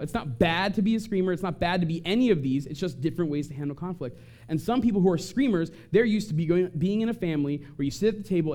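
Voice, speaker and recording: Man with a mellow, dark voice. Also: fairly high pitch. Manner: animated, acts out quoted voices. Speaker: speaker on family conflict. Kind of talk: talk to an audience.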